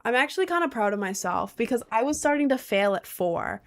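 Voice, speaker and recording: A woman's voice: a little high, animated, fast, few pauses. A woman in her twenties chatting casually as a streamer, out of breath, giggly and rambling. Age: 20s. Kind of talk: casual chat.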